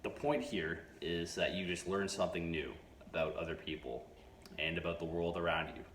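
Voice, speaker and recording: A man hosting a self-improvement channel, giving advice straight to camera in a halting way, restarting his phrases and taking measured pauses. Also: low voice, a bit bright. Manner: halting, frequent restarts and stutters. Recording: echoey room with faint noise.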